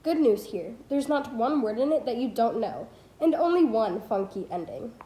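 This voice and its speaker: Teen girl doing a diy audiobook read, kinda high voice, trips on words and fixes them, roomy echo. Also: expressive, moderate pace, warm tone. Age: teens. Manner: careful reading with small slips and self-corrections. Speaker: student reader. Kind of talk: amateur audiobook read-aloud.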